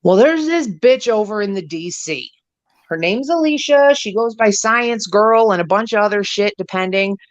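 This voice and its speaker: A woman co-hosting a livestream chat show, telling gossip in a profane, animated way. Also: medium pitch, moderate pace, dry recording. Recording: dull lo-fi stream audio.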